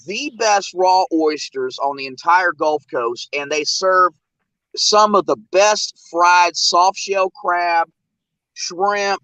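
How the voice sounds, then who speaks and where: High bright-voiced man. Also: no room sound, rough recording. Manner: rambling with many fillers. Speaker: host. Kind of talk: casual chat.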